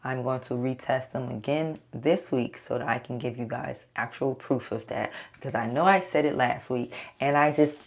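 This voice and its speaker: A woman's voice: extremely low pitch, normal speed. A photographer talking to her audience in a casual solo vlog, blunt and self-coaching, swearing freely as she pushes herself on. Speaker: photographer and podcaster.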